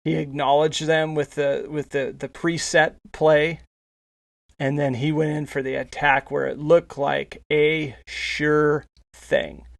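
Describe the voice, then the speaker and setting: A man's voice: on the high side, level tone, slow, creaky. A male podcast host telling a casual anecdote, rambling with frequent restarts and repeated words. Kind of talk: casual storytelling.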